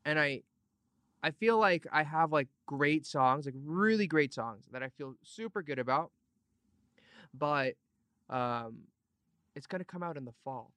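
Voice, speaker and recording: A man hosting a podcast in casual chat, playful and rambling, drifting in and out of put-on accents, with loud bursts of enthusiasm. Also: a little high, animated, unhurried, pauses often, clean tone, no room sound. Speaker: podcast host.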